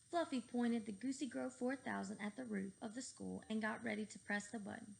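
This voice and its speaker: A woman reading a children's book aloud with lively, expressive storytelling. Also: fairly high pitch, fairly quick, gravelly, few pauses. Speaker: reader.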